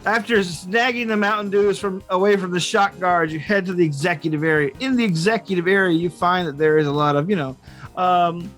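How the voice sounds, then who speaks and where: A man's voice: high voice, a little fast, a bit bright, faint music behind. A man narrating a tabletop game as game master, rambling with fillers and restarts.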